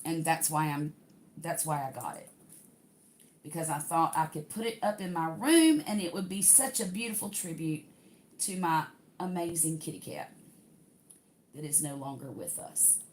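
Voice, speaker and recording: A woman's voice: deep voice, expressive, moderate pace, long pauses, darkish tone, a little hiss or hum. An older woman, chatting casually to livestream viewers while unboxing a craft kit.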